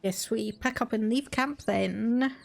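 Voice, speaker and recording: A woman's voice: on the high side, takes it slowly, gravelly, faint music behind. A woman VTuber giving casual, chatty commentary as she plays a game, thinking aloud. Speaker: VTuber streamer.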